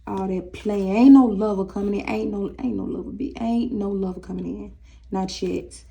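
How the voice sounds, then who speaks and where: A young woman reading tarot cards in a loose, sassy way, teasing her viewers as if they were friends. She speaks, and her voice is gravelly and mellow. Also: medium pitch, steady tone, normal speed. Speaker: tarot reader.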